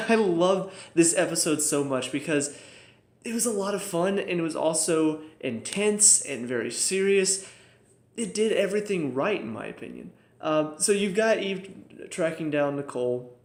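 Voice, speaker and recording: A young man casually reviewing TV episodes, excitable and laughing often, his voice jumping up when enthused. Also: medium pitch. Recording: echoey room.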